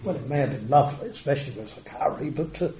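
Older preacher in an echoey hall. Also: male voice, mid-range voice, animated, very noisy. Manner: emphatic, varies pace and volume, drawn-out words. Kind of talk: sermon.

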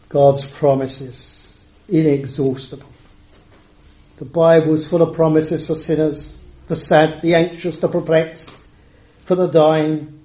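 Older preacher in an echoey hall. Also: male voice, a little high, dark tone. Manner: emphatic, varies pace and volume, drawn-out words. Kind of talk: sermon.

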